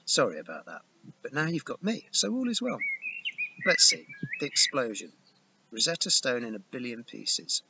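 A man voicing a sharp-tongued British girl of about twelve who narrates with sardonic, mocking asides, in a dull, noisy lo-fi recording. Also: medium pitch, huge pitch swings, normal speed, creaky. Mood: sarcastic. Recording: dull lo-fi recording with loud noise.

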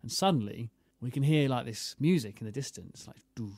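A young man co-hosting a travel podcast, telling an animated story and swearing casually. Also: mid-range voice, brisk, no room sound. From England. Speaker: podcast co-host.

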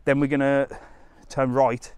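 A chatty man walks through a resort town talking to his live-stream viewers on a phone mic. His voice sits at an ordinary middle pitch, and he rambles loosely between asides, laughing easily as he goes. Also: level tone, measured pace, clean tone. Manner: drops to a hushed whisper indoors. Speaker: travel vlogger streaming live. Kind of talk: casual live-stream walking tour. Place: outdoors in a resort town, walking.

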